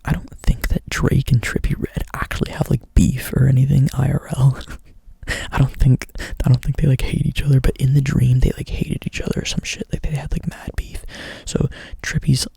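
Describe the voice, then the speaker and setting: A man's voice: mid-range voice, little pitch movement, moderate pace, gravelly, warm tone, breathy edge, no room sound. A young man doing whispered ASMR storytelling up close to the mic, rambling casually and swearing a lot. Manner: rambling, profane, filler-heavy casual talk. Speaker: ASMR creator.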